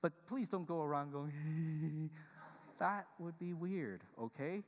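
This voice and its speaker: Guy preaching w a high voice, jokey and lively, big echoey church hall. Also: slow, dull audio. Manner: humorous, animated, addresses congregation directly. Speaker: pastor. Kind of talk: sermon. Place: church sanctuary. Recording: long reverb of a large church hall.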